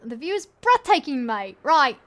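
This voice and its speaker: A woman voicing a brusque British man on the phone, in a put-on British accent, loud and teasing. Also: high-pitched, big pitch swings, measured pace, full character voice.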